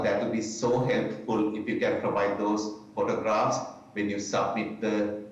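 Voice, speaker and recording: A man chairing a public hearing, asking measured, deliberate questions in an echoey room. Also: on the low side. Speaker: commission chair. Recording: echoey room, distant mic, dull sound.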